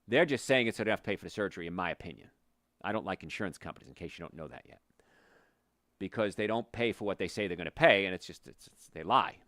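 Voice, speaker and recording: This chiropractor talk-show host has a low voice and talks fast, recorded dry with clean studio sound. Opinionated and passionate, he speaks bluntly on health topics, heating up before pulling himself back to calm.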